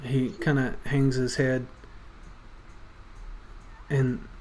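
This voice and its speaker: A man narrating a tabletop game as game master, relaxed and halting. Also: medium pitch, a little hiss or hum, low-quality recording. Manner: relaxed, halting, many fillers.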